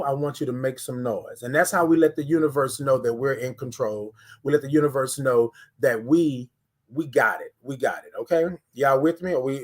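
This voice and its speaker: A man with a higher-than-average voice runs a live morning stream with lots of energy. He talks right to his viewers, repeats phrases, and leads guided breathing in a casual way, recorded on a phone or webcam close to his face.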